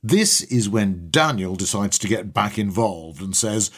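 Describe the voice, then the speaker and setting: A man's voice: on the low side, lively intonation, unhurried, hardly any pauses, fairly bright tone. A man reading a comic short story aloud in a wry, chatty first-person voice.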